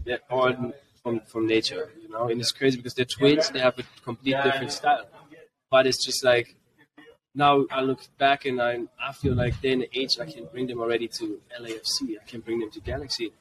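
A German-accented man in his forties, a guest at a convention podcast booth, tells lively, casual family stories and jumps into the voices of his kids to act out what they said. His mid-range voice moves fairly quickly, with crowd noise around him and his voice a bit distant from the mic.

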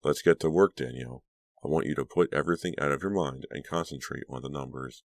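A man reading an audiobook, voicing a calm, gentle male psychiatrist who speaks softly and reassuringly. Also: rumbling low, fast, dry recording, studio quality.

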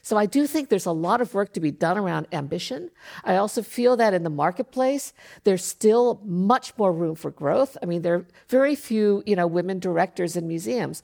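Woman, middle-aged, arts organization president, panel talk, earnest, measured, gravelly voice, middle pitch. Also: a little mellow. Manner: measured and earnest, with frequent fillers. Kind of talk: panel discussion.

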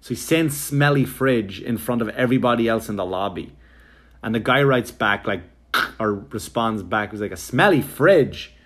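A man's voice: on the low side, normal speed, slight background noise. A man, a touring comedian, telling a long story in a rambling, sarcastic, profane way, full of fillers and quoted exchanges. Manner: animated, jumping into quoted exchanges. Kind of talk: casual comedic storytelling monologue.

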